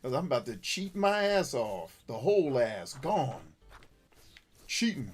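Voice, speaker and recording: Man, gaming host, goofy crude jokes, lively swooping voice, mid pitch. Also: measured pace, husky, faint music behind. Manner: crude, goofy joking, shouting at the game. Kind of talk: casual gameplay commentary.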